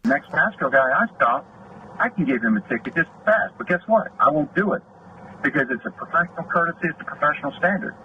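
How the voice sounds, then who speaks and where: A man's voice: on the high side, animated, fast. A man, an off-duty deputy, retelling a dispute in an aggrieved way, recorded in a vehicle. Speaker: off-duty deputy telling a complaint. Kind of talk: recorded personal account. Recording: muffled noisy video audio.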